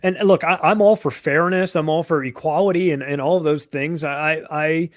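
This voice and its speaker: Middle-aged man, guest author, blunt and mocking, higher pitch, dry close sound. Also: steady tone, fairly quick, dry recording. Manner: blunt, mocking, acts out sarcastic impressions. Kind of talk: casual conversational interview.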